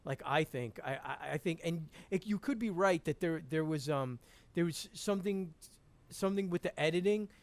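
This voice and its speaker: High-pitched guy on a podcast call, excitable, lots of laughing and restarts. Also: moderate pace, dry recording. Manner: animated, laughs often, many restarts. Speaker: podcast guest. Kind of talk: casual podcast chat.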